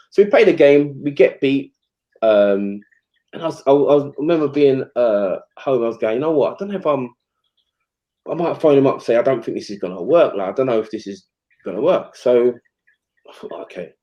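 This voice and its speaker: A man tells stories from his playing days in a loose, animated way. He acts out other people's lines and piles on fillers. The sound is dull and a little lo-fi. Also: mid-range voice. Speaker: former footballer guest. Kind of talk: casual storytelling chat.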